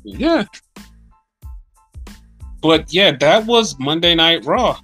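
A man's voice: fairly high pitch, very animated, extremely slow, pushed and bright, faint music behind. A man co-hosting a podcast, chatting casually and animatedly about wrestling, swearing often and acting out rants. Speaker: podcast co-host.

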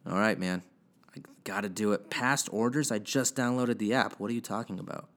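A man's voice: lowish voice, brisk, fairly bright tone. Rambling, swearing young man on a podcast. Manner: rambling, self-deprecating, swears casually. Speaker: podcast host. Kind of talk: casual solo podcast rambling. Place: house alone with his dog. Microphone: home podcast mic, gain turned up.

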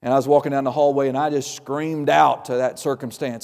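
A pastor preaching a sermon, telling stories and acting out the voices of the people in them, with emphatic delivery. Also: male voice, medium pitch, steady tone, brisk, vocal fry, few pauses, a little mellow, big-room sound. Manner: storytelling, acts out quoted voices, emphatic.

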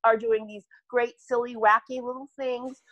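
A woman's voice: on the high side, flat delivery, moderate pace, dry recording, lo-fi sound. An older woman talking earnestly as a podcast guest, rambling and restarting her sentences as she speaks. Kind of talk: candid podcast conversation.

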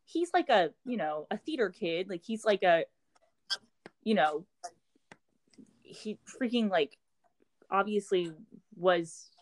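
A woman's voice: mid-range voice, lively intonation, slow, pauses often. Young female co-host, casual, rambling delivery full of fillers. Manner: rambling, filler-heavy, says "like" constantly. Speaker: podcast co-host. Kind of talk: casual chat.

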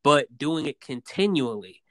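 A man co-hosting a podcast, making his points in an animated, emphatic way and often repeating his opening words. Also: on the high side, a little slow, dry recording. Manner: animated, emphatic, repeats himself when starting. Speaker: podcast co-host. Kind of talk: casual debate chat.

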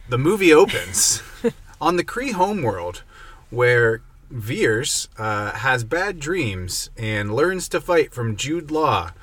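Male podcast host, relaxed delivery, takes his time. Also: mid-range voice, takes it slowly, no room sound. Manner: relaxed, summarizing a plot from notes. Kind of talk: casual podcast chat.

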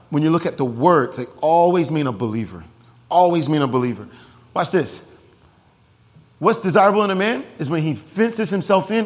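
Pastor guy preaching, kinda high voice, big hall echo, repeats stuff and cracks jokes. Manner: animated, repeats phrases for emphasis, jokes with congregation. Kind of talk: sermon. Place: church sanctuary. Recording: long hall reverb.

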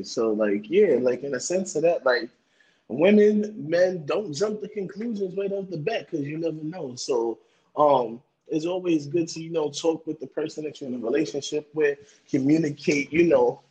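A man's voice: fairly high pitch, darkish tone, breathy edge, poor audio. A man co-hosting a podcast in casual chat, laid-back and giving relationship advice. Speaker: podcast co-host.

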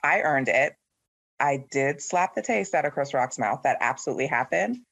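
Casual: guy hosting a chat w friends, snarky and opinionated, mid pitch, super dry close mic. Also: brisk, vocal fry, husky, dry recording. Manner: opinionated, sarcastic, animated storytelling. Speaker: podcast host.

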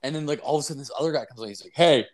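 A man's voice: mid-range voice, racing, darkish tone. A young man, co-hosting a podcast and telling crude, rambling stories full of swearing and fillers. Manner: profane, rambling, lots of fillers. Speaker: podcast co-host. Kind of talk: crude casual storytelling.

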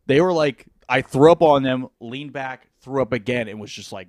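A man hosting a podcast, telling a crude story in casual, animated chat. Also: mid-range voice, normal speed, no room sound, studio quality. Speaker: podcast host.

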